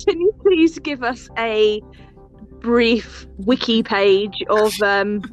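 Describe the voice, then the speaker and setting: A woman's voice: fairly high pitch, takes it slowly, lo-fi sound, faint music behind. A woman hosting a casual podcast over a video call, upbeat and keeping the group on track. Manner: upbeat, runs the roll call and steers the group. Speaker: podcast host.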